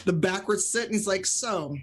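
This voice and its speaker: A woman's voice: mid-range voice, lively intonation, moderate pace, husky. A woman narrating as game master of a tabletop game, chatty and full of fillers.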